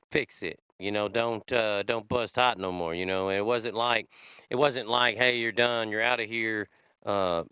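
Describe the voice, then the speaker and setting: A man's voice: on the low side, fairly bright tone, clean tone, dry recording. A man hosting a podcast, telling his own recovery story in a rambling, conversational way with many fillers. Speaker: podcast host. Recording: slightly dull lo-fi sound.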